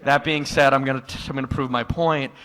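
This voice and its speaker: A man doing a stand-up comedy set in a live room, telling stories in a dry tone that jumps into loud, exasperated outbursts. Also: mid-range voice, fairly even intonation, a little fast, smooth. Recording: live room with long hall reverb.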